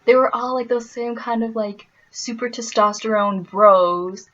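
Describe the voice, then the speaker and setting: A woman's voice: fairly high pitch, a little slow, lo-fi sound. Chatty young woman from Wisconsin. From Wisconsin, US Midwest. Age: young adult. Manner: animated, laughing often, playful asides. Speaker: vlogger. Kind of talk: casual storytelling vlog.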